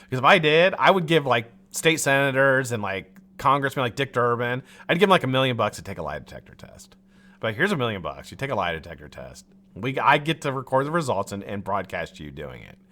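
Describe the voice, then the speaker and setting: Speaking fairly quickly in a very animated, pushed, bright mid-range voice, a livestream host unloads his frustration. He swears freely, rambles, restarts his sentences, and laughs at his own jokes.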